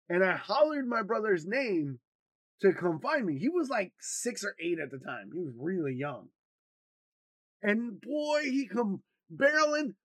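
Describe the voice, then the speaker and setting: Guy with a high voice on a podcast mic, swears a lot, rambles and gets animated telling stories, super dry sound. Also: no echo. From Wisconsin, US. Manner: rambling, profane, animated storyteller. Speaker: podcast co-host. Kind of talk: casual podcast chat, storytelling.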